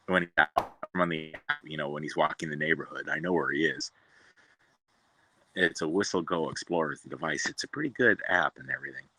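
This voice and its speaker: A man's voice: low-pitched, pushed and bright, dry recording, rough recording. A man casually telling a rambling, exasperated story about his cat, now and then calling to his pets. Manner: chatty, exasperated, talks to his cats in between. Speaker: cat owner vlogger.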